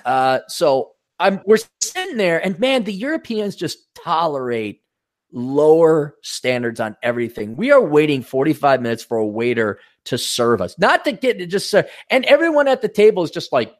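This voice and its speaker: A middle-aged man hosting a casual podcast, swearing freely as he tells his stories. His pitch swings widely and sits a touch high for a man, giving a lively, bouncing delivery. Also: normal speed. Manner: blunt, profane, animated anecdotes. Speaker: podcast co-host. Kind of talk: casual chat, storytelling.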